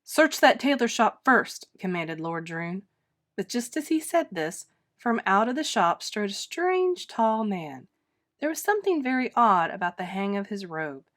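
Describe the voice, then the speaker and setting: A woman reading a children's storybook aloud with dramatic, expressive narration. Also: mid-range voice, unhurried. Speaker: storybook reader. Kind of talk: children's book read-aloud.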